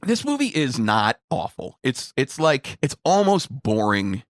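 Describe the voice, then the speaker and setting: A man's voice: medium pitch, big pitch swings, unhurried, no room sound, clean studio sound. A middle-aged man co-hosting a casual movie-review podcast, rambling with restarts and frequent laughs. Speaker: podcast co-host.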